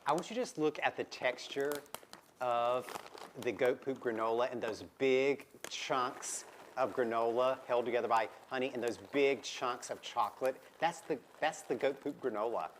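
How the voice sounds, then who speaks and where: A man co-hosting a live shopping stream, chatting and enthusiastically pitching products. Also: moderate pace, a little hiss or hum. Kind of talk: casual live-stream chat.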